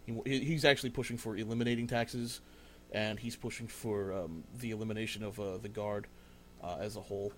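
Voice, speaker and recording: A man's voice: lowish voice, fairly even intonation, fairly bright tone. Young guy gm, lots of ums, faint hum behind him. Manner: halting, many ums and uhs. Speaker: game master. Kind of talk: narrating a tabletop game.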